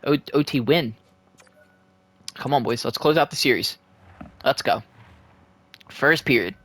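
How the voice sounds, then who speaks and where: A man's voice: mid-range voice, unhurried, faint music behind. A young man giving casual play-by-play commentary on a simulated hockey game from home, swearing and pleading with the game. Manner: excitable, swears, pleads with the game and cheers his team. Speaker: gaming video creator.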